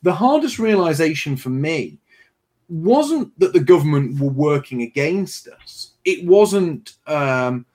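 A man's voice: fairly high pitch, very animated, slow, darkish tone. A man hosting a livestream who reads out viewer donations, thanks donors, and tells stories in a chatty way. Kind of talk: casual livestream chat.

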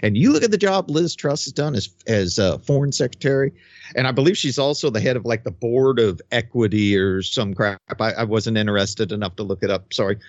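A mid-pitched man delivering mocking political commentary full of sarcasm. His voice sounds close and dry, with a dull, lo-fi tone. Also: fairly quick, no room sound. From United States. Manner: mocking, sarcastic, laughs at his own jokes.

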